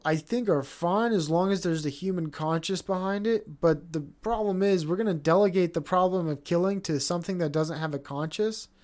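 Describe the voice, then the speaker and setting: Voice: mid-range voice, a little mellow. A podcast host in their thirties on a casual solo rant, rambling and swearing often with many restarts.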